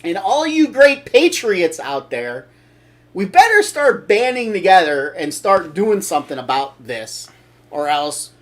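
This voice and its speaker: A man's voice: sits high, big pitch swings, measured pace, fairly bright tone. Blunt, opinionated older male talk host. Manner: blunt, opinionated, rambling with restarts. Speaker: show host. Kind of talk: casual opinion talk show.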